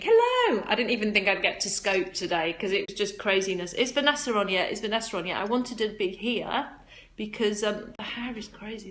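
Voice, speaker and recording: A woman chats on a livestream in a bubbly, high-energy, giggly way, greeting viewers and reading their comments aloud. Her voice sits at an ordinary middle pitch. She talks into a phone camera at close range from a table indoors. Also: a bit bright. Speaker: livestream host selling flower essences.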